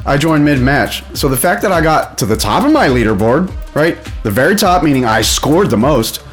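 A man of middle pitch venting in a loose, rambling rant. He swears freely and keeps circling back to repeat his point. Faint music plays quietly behind him. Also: expressive, normal speed, few pauses. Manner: heated, rambling, swears a lot. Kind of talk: casual profane rant.

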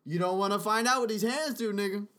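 Talking fast in a high, bright, forceful voice, a man hosts a solo podcast casually. He rambles with plenty of profanity and drifts into sing-song freestyle rap into the podcast mic.

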